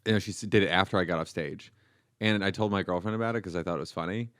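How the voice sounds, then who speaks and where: A man's voice: low voice, racing, fairly bright tone, dry recording, studio quality. A young man co-hosting a comedy podcast, telling stories in a joking, self-deprecating way. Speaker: podcast co-host. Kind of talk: casual comedy podcast chat.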